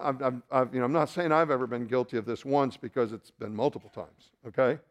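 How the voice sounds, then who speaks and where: A pastor with a mid-range voice preaches a sermon, swinging between loud, emphatic rises and quiet asides. He makes self-deprecating remarks and restarts his sentences.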